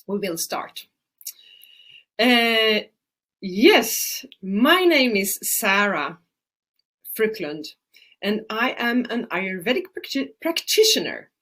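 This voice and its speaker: A woman's voice: medium pitch, lively intonation, takes it slowly, pauses often, fairly bright tone. A middle-aged woman from Sweden, a native Swedish speaker, hosting a webinar as an Ayurvedic practitioner, chatty with many fillers. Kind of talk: casual webinar talk.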